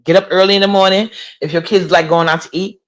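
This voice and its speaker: A woman's voice: on the low side, fairly even intonation, fast talker. A woman, chatting casually on a livestream, reading and answering comments. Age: 40s. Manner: gossipy, incredulous, talks back to chat. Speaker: livestream host.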